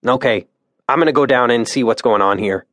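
A man's voice: medium pitch, fairly quick, fairly bright tone, no echo, studio quality, natural voice. A male narrator giving a level, practical voice to a man who takes charge of the group. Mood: calm.

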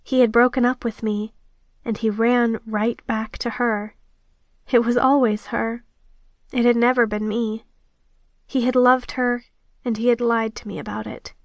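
A female audiobook narrator tells a first-person romance in a steady, intimate way. Her voice sits fairly high and sounds close and dry, with no room around it. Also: unhurried, long pauses, no echo.

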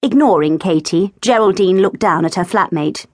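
A woman narrating a novel in an expressive, storytelling manner in a studio. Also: on the low side, normal speed, slightly rough, no echo. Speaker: audiobook narrator. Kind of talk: scripted audiobook narration. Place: recording studio. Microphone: close studio mic.

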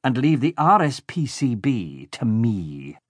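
A man voicing a cruel, bossy villainous baron who gloats slowly and bellows insults at his henchmen. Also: medium pitch, big pitch swings, no room sound, studio quality. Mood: gloating. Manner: slow, gloating, shouts insults.

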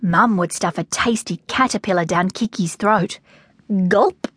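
A woman with an Australian accent narrating a children's storybook in an expressive, animated reading. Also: lowish voice, normal speed, husky, dry recording, clean studio sound. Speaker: audiobook narrator.

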